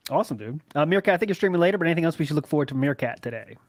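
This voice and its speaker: A man's voice: a little high, lively intonation, rapid-fire, no echo. Laid-back podcast host man, dry mic. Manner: laid-back, laughs often, swears casually. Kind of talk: casual podcast chat.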